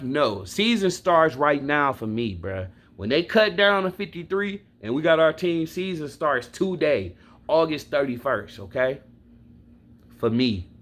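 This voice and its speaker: A man's voice: on the high side, a bit bright. A man from Milwaukee venting about his football team, blunt and profane, speaking straight to his viewers. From Milwaukee, Wisconsin. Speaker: sports fan vlogger. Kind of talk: casual fan rant to camera.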